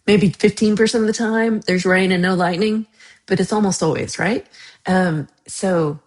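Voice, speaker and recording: An American woman hosting a casual livestream, reading chat comments, laughing often and trailing off into mumbles. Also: medium pitch. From United States. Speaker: livestream host.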